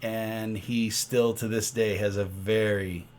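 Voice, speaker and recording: A man co-hosting a podcast from his children's bedroom, joking in a dry, deadpan way. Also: fairly low pitch, slow pace. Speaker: podcast co-host. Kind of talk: casual chat.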